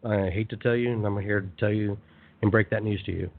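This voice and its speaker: A man hosting a motivational spiritual talk show, speaking in an animated, conversational way and repeating phrases for emphasis. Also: fairly low pitch, fairly quick. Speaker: radio show host. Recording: tinny phone-line sound.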